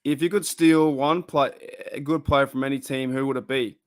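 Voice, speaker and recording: A man's voice: medium pitch, fairly even intonation, moderate pace. An Australian man hosting a casual live stream, talking bluntly and heatedly and swearing freely.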